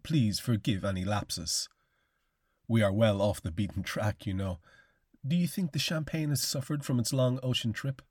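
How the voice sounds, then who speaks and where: A polished, quietly menacing older aristocrat hunter, read by a man in an audiobook. The voice sits low and a little husky, unhurried and courteous, with a dry, close sound. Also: dry recording. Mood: suave, menacing. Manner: slow, measured, courteous delivery. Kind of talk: audiobook reading.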